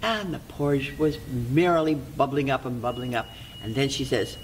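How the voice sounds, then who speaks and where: Library volunteer telling a fairy tale, expressive, goes soft and whispery sometimes, middle pitch. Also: normal speed, slight background noise, low-quality recording. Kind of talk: fairy tale read-aloud.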